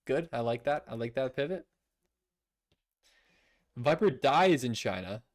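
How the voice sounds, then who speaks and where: A man's voice: mid-range voice, expressive, a little slow. A young man streaming casually, reading out viewer messages with playful, laughing indignation. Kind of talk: casual livestream chat.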